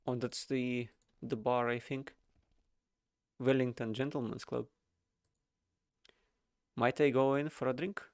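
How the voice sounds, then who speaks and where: A man's voice: medium pitch, level tone, slow pace, long pauses, a little mellow, no room sound, studio quality. A man streaming a game, casually thinking aloud and reading its dialogue with chuckles.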